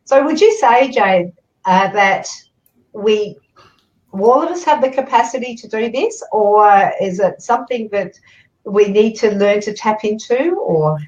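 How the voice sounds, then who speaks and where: A woman's voice: medium pitch, animated, unhurried, darkish tone. A woman hosting a live community interview, enthusiastically greeting viewers by name and asking questions. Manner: enthusiastic, reads out viewer names. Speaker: community TV host. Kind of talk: casual live-stream interview. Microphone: video call. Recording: echoey, dull video-call audio.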